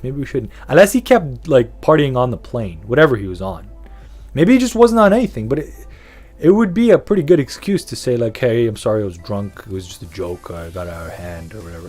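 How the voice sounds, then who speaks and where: Rambling, lively-voiced man ranting. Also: medium pitch, husky. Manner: rambling, profane, laughs often. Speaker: podcast host. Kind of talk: casual commentary rant.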